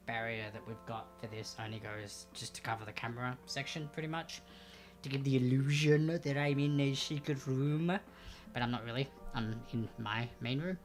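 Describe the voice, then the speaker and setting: A young Australian woman hosting a livestreamed trivia game from home on a desk microphone, chatty and upbeat, drawing out the names in each question. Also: very deep voice. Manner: chatty, upbeat, reads questions slowly and with emphasis. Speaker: trivia host. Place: home room with a backdrop. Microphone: desk microphone without headphones.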